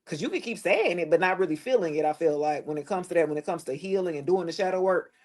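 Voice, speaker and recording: A woman giving a casual tarot reading to the camera, blunt and preachy, swearing freely and dropping her voice low at times. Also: fast talker, a little mellow. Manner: preachy, blunt and profane, with loose slangy phrasing; drops into a lower tone at times. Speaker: tarot reader.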